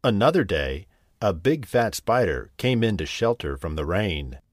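A man reading a children's storybook aloud in an expressive way, acting out the characters. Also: lowish voice, unhurried, no room sound, studio quality.

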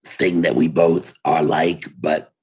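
An older playwright and actor with a New York accent, guesting on an interview via video call from his home office, tells rambling, wry stories and keeps interrupting himself. His very deep voice is husky and a little mellow, slow and fairly even. The recording is rough.

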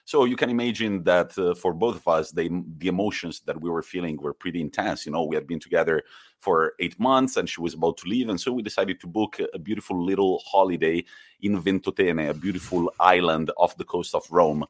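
Male podcast co-host, very low voice, casual rambling storyteller. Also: brisk. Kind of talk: casual chat.

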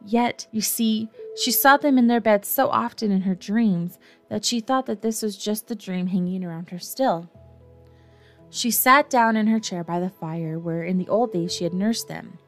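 A woman narrating a storybook gently, with a dry, wry edge. She has a middle pitch, and faint music sits behind her voice. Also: normal speed. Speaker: audiobook narrator.

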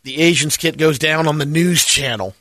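A man co-hosting a radio show, chiming in with quick remarks in casual banter. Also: on the high side, bright, forceful tone, dry recording.

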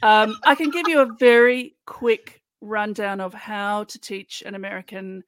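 An Australian woman guest speaks in a mid-pitched voice with a playful, teasing manner. The recording is dry and close. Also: fairly even intonation, measured pace, no echo. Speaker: podcast guest. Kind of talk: casual chat.

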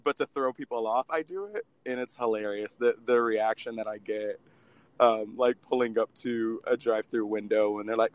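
A man's voice: mid-range voice, fairly bright tone, no room sound. A man co-hosting a podcast tells a story in easygoing chat. He laughs often as he talks, and his speech is full of ums and likes. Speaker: podcast co-host. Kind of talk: casual chat.

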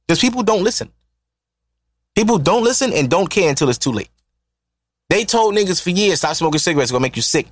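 A man hosting a podcast, ranting in a profane, mocking, animated way. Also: high voice, fast, dry recording, clean studio sound. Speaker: podcast host. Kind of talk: solo podcast rant.

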